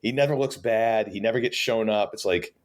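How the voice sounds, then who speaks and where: A man co-hosting a podcast, chatting casually about books in an animated, joking, exasperated way. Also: on the low side, a little fast, slight background noise. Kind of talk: casual book discussion.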